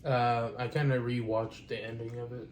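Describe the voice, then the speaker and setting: Man, podcast co-host, monotone, far from the mic in a roomy space, noisy. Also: medium pitch. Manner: halting, frequent "um" restarts. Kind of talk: casual chat. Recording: roomy, distant mic with clear background noise.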